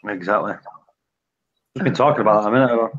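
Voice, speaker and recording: A man's voice: on the low side, fast talker. Chatty man on lo-fi audio. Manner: chatty, rambling. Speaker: live stream host. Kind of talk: casual chat. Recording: dull lo-fi stream audio.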